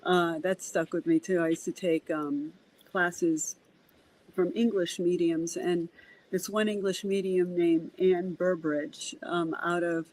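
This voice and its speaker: A woman medium, a guest on a podcast, telling a story in a casual, animated way, acting out the dialogue and often restarting her sentences. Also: fairly low pitch, slow pace, poor audio.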